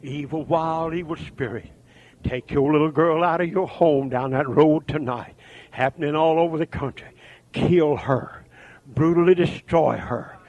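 An older man preaching a fiery revival sermon, swinging from shouted, chanting runs down to low, muttered asides. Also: a little slow, highs cut off.

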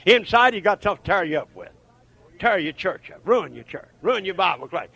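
A man preaching a folksy revival sermon, swinging from shouts to hushed asides. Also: high voice, sing-song, moderate pace, vocal fry, husky, dry recording.

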